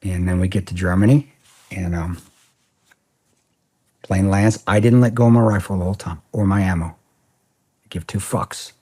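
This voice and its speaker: A man's voice: deep voice, fairly even intonation, normal speed, long pauses, mellow, breathy edge. A middle-aged man, a podcast guest, telling a story bluntly and casually, profane and rambling with restarts.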